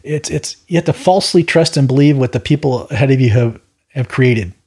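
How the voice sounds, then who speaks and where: A man's voice: mid-range voice, brisk, a little mellow, breathy edge. A man hosting a Bible study, teaching verse by verse with a rambling, opinionated delivery and frequent stammered restarts. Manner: rambling, stammers and repeats words, opinionated asides.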